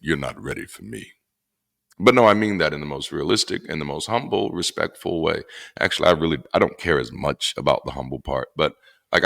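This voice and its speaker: A former pastor in a casual monologue, speaking bluntly and profanely with animated emphasis. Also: male voice, a bass voice, creaky. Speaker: former pastor turned atheist commentator.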